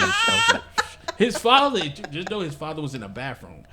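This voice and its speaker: A man with a high, lively voice tells a story on a podcast, swinging his pitch up and down and laughing as he goes. He stumbles and restarts often. Steady room noise sits under him. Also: brisk. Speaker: podcast host. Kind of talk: casual storytelling chat. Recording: noisy room ambience.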